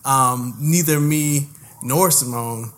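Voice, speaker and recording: A young man co-hosts a casual podcast in a voice of ordinary pitch. He talks in a laid-back, joking way and pauses often with fillers while steering to the next topic. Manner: relaxed, hesitant, many fillers, joking segues. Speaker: podcast co-host. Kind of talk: casual chat.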